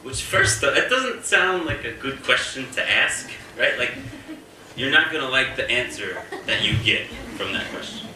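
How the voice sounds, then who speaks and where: A man's voice: medium pitch, big pitch swings, normal speed, sharp tone. A young American man performing stand-up comedy, self-deprecating and often restarting his sentences. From United States. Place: stage in a room. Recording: echoey room, distant mic, faint noise.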